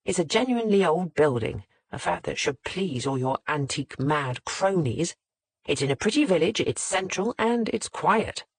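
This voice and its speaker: Whiny grumbling husband, narrator doing the voice, dry sound. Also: male voice, on the high side, very animated, a little slow, hardly any pauses, husky, dry recording, full character voice. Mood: angry. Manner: whining, growling. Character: whining, irritable husband.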